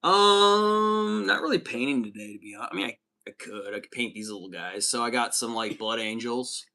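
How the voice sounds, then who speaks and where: An upbeat American man hosts a casual livestream and reads viewer messages aloud. His voice has a bright, forward edge, and the pitch sits mid-range. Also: animated, normal speed. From United States. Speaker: livestream host.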